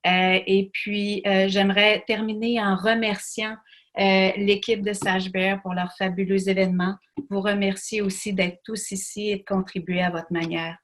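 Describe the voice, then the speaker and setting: A psychiatrist and therapist from Quebec with a Quebec French accent, speaking haltingly with many fillers to an online event. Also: female voice, mid-range voice, a bit bright.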